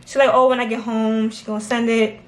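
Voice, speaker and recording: Animated woman telling a story, echoey room. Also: on the high side, a little fast. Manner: animated, laughing, mimics others' replies. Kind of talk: casual storytime chat.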